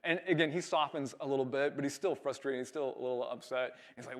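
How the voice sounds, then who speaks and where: A young man from California preaching a sermon, telling a story with lively acted-out dialogue. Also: mid-range voice, quick pace, a little hiss or hum. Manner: animated storyteller, acts out quoted dialogue. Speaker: pastor.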